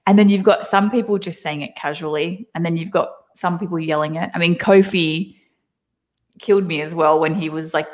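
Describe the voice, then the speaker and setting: Australian woman guest, thirties, lowish voice, lively storyteller who laughs easily. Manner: laughs often, animated storytelling. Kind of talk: casual chat. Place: her home.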